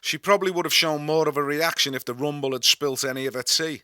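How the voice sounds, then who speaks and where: A man's voice: fairly high pitch, fast talker, hardly any pauses, bright, forceful tone, no echo. A man from Liverpool with a Scouse accent reads his own memoir, telling it with wry, dry humour. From Liverpool, England. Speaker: author and narrator. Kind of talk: memoir reading.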